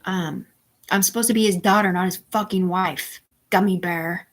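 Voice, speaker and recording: A woman's voice: fairly low pitch, fairly even intonation, normal speed. A woman hosting a live stream, talking in a rambling, profane monologue that jumps from topic to topic. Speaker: livestream host.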